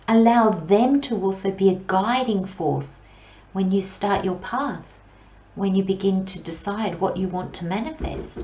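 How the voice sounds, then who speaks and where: A woman with a mellow, medium-pitched voice gives a pick-a-card tarot reading, slow and gentle, with drawn-out pauses and soft near-whispers. Her unhurried delivery is soothing. The recording is in an echoey room and sounds slightly dull and lo-fi.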